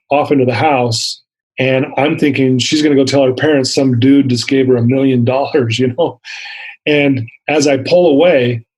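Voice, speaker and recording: A man's voice: medium pitch, a little mellow, poor audio. A middle-aged man telling his story in a podcast interview, earnest and candid, acting out the dialogue. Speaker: interview guest.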